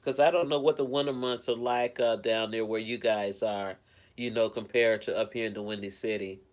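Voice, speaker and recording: A man's voice: lowish voice, steady tone, normal speed. A man chatting casually at home on a live stream, rambling in a caring way and greeting viewers by name. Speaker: live streamer reading chat.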